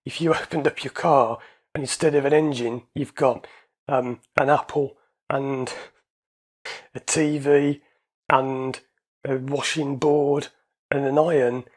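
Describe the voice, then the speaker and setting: Husky anxiety coach talking to camera. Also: male voice, fairly high pitch, steady tone, unhurried. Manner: conversational, repeats points, occasional chuckles. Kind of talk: casual explanatory monologue.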